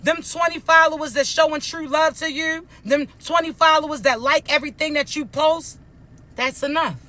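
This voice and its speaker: A man preaches tough-love encouragement in a very high voice. His talk is bright and blunt, and it is full of profanity and repeated warnings that he is not playing. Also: fairly even intonation, normal speed. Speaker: spiritual motivational speaker. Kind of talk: preachy motivational monologue to viewers.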